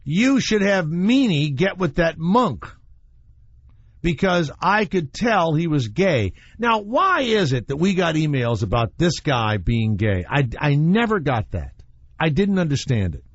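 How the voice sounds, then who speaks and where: A man's voice: fairly high pitch, very animated, measured pace, dry recording. A man hosting a radio show, talking in a casual, rambling storytelling way. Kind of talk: casual talk radio chat. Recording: muffled radio broadcast.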